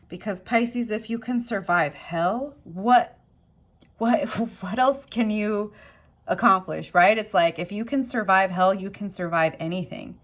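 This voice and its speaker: A woman's voice: medium pitch, measured pace, slight background noise. A woman giving a tarot card reading to camera. She speaks emphatically and with passion, builds her points with rhetorical questions, and repeats motivational phrases. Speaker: tarot reader.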